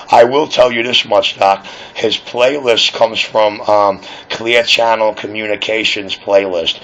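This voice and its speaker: A man's voice: fairly low pitch, steady tone, measured pace, hardly any pauses, a bit bright. A man talking casually over a radio link, rambling, boastful and swearing freely. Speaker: radio operator on air. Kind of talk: casual on-air chat. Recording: dull lo-fi radio audio.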